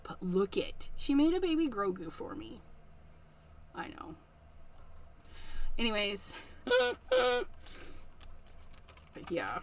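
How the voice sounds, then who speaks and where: Woman, middle-aged craft livestream host: high, bright voice, unhurried and chatty, laughing often. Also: wildly swooping pitch, vocal fry, slight background noise. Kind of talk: casual livestream chat.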